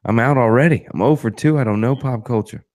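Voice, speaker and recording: A man's voice: medium pitch, quick pace, darkish tone. A man hosting a podcast, chatting casually and joking and teasing his guests. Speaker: podcast host. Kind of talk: casual chat.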